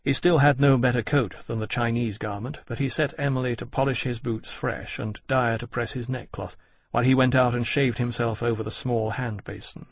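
A man narrating an audiobook in an even, measured storytelling way. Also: mid-range voice, vocal fry, slightly rough. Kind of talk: scripted narration.

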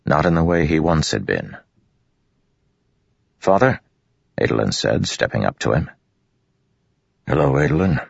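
Very deep, gravelly male narrator. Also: brisk, few pauses, dry recording, dull audio. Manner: steady, even storytelling. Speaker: audiobook narrator. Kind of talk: scripted fantasy narration.

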